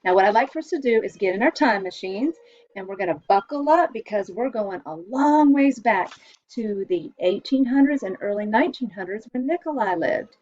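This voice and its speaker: A woman from the United States, an elementary school music teacher, explaining composers and the orchestra to children in a cheerful, clear way. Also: mid-range voice, lively intonation, darkish tone, lo-fi sound. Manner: cheerful, explains slowly for kids.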